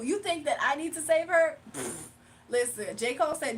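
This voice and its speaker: A woman talking casually on her livestream, animated and mocking, reading chat aloud, laughing often, drawling and slangy. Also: sits high, normal speed, distant mic, slight background noise.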